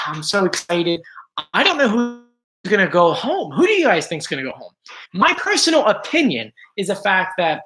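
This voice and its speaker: A man's voice: high-pitched, sharp tone. Male stream host, casual and talkative, reads out viewer names, slightly strained voice, home setup. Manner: chatty, greets viewers by name. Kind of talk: casual live-stream chat.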